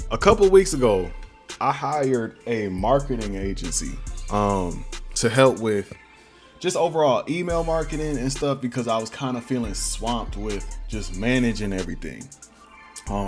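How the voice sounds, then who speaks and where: A man's voice: medium pitch, lively intonation, normal speed, faint music behind. A young man who makes beats, chatting casually in a livestream Q&A, slangy and rambling. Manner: laid-back, slangy, rambling. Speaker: beatmaker streamer. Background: faint beat playing.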